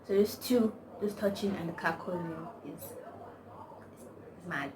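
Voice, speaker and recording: A young woman talks casually to her vlog audience, sprinkling in Pidgin and Yoruba. She sits a little away from the microphone. The room rings with echo and steady background noise. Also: lowish voice, takes it slowly, distant mic. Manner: chatty, mixes in Nigerian Pidgin and Yoruba phrases. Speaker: vlogger. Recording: echoey room, from off mic, noisy.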